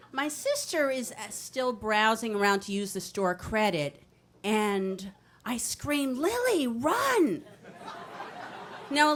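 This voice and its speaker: A woman in her fifties from New Jersey, telling a brash, comic true story on stage into a microphone. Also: medium pitch. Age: 50s. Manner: brash, comic, animated delivery. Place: storytelling stage in a city venue.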